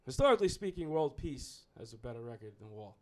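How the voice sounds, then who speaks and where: A man's voice: mid-range voice, sing-song, fast, a little mellow. A man doing a stand-up comedy set, rambling, profane and self-mocking.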